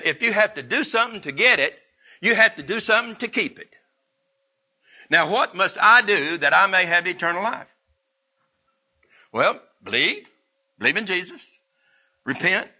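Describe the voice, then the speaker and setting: Folksy animated preacher man. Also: sits high. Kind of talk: sermon.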